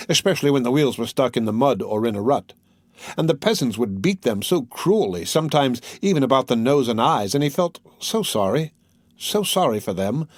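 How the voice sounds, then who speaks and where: A man narrating a classic novel as an audiobook in an expressive storytelling manner. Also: medium pitch, no room sound, clean studio sound.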